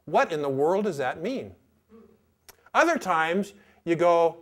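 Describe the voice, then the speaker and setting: A man teaching a Christian class, talking in a relaxed, conversational way and reading his own journal entries aloud with pauses. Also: a little high. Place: teaching session at a training institute.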